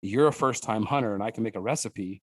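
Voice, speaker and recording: Lively storytelling man, lowish voice. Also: quick pace, no echo. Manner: animated storyteller who acts out his daughters' lines in a higher voice; rambling, with restarts and fillers. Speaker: guest, wild game cook and hunter. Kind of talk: casual podcast conversation.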